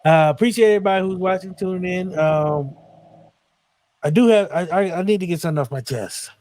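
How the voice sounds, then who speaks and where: A man hosting a podcast, chatting casually and telling animated stories in a relaxed vernacular. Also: high voice, brisk. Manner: animated storytelling with voiced impressions. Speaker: podcast host. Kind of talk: casual chat.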